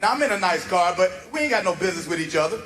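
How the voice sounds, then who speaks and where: Male stand-up comic, high-pitched and animated, recorded live over a roaring audience. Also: rapid-fire, over a noisy crowd. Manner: animated storyteller, acts out voices, laughs through lines. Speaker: stand-up comedian. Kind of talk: stand-up comedy routine. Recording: live venue with loud audience laughter. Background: audience laughing and clapping.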